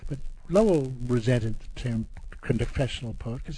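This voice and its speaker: Man, mid pitch, warm mellow tone, halting explainer who reads verse slowly; faint room ambience behind. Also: expressive, slight background noise, low-quality recording. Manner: halting, repeats words when explaining. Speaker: poet and guest discussing poetry. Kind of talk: poetry reading and discussion.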